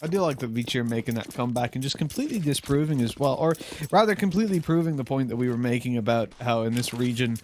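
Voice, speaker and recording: A man's voice: medium pitch, animated, fast, darkish tone, a little hiss or hum. A man doing color commentary as an esports co-caster, rambling through silly analogies.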